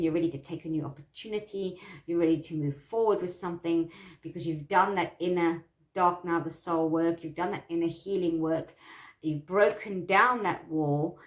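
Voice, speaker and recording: Woman, tarot teacher, lowish voice, reassuring, repetitive phrasing, roomy echo. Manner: warm, repetitive, reassuring, with frequent laughs. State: itchy eyes from allergies. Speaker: tarot teacher and psychic medium. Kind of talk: casual instructional talk.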